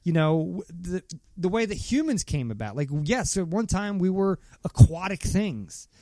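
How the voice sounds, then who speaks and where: A man's voice: sits high, big pitch swings, normal speed, dark tone, no room sound, clean studio sound. A man co-hosting a podcast in casual, rambling chat, swearing freely and joking. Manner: rambling, profane, jokey, does mock voices. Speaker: podcast co-host.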